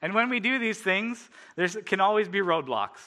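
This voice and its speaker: Bright-voiced man preaching with stories. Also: sits high, animated, normal speed. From Canada. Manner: casual storytelling, laughs often, many fillers. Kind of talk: sermon with personal stories.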